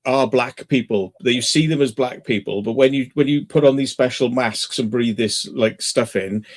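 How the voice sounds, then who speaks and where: A man's voice: mid-range voice, normal speed. A man chatting casually as a channel host, his voice sitting right in the middle of the range. He rambles through his stories, leaning on fillers and restarts. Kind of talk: casual chat.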